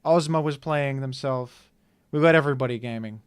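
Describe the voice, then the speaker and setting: A man hosting and commentating a live online game tournament, excitable and playful, swinging from loud hype to quiet thanks. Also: mid-range voice, a little fast, smooth.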